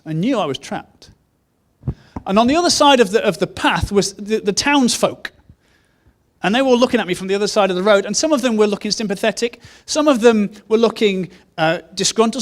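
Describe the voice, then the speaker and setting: A man's voice: high-pitched, quick pace. A man preaching a sermon, telling a story in an earnest way and repeating key phrases. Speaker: pastor.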